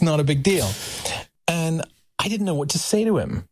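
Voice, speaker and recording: A man telling a story as a podcast guest, animated and acting out voices. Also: a little high, normal speed, noisy background. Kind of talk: anecdotal storytelling.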